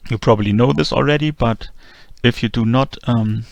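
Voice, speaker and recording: Male chess instructor, heavy vocal fry, dry close-mic read, methodical delivery. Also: mid-range voice, normal speed, no room sound. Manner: methodical, calm move-by-move explanation. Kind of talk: explanatory chess lesson narration.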